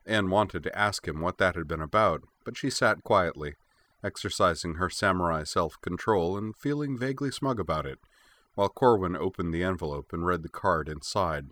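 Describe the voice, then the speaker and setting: A man narrating a fantasy audiobook in a measured, even storytelling voice. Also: low-pitched. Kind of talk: scripted narration.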